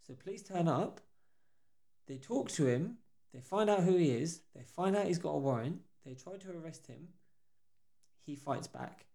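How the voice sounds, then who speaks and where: A man's voice: fairly high pitch, normal speed, vocal fry. A young man, co-hosting a podcast in casual chat and acting out the people in his stories. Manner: animated storyteller acting out quotes. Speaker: podcast co-host.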